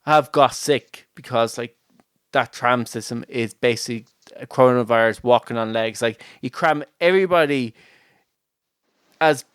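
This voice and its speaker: A man's voice: mid-range voice, normal speed, a bit bright, smooth, dry recording, studio quality. A man hosting a podcast from home, chatting casually with lots of fillers and frequent laughter. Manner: rambling, many fillers, laughs often. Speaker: podcast host. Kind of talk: casual chat.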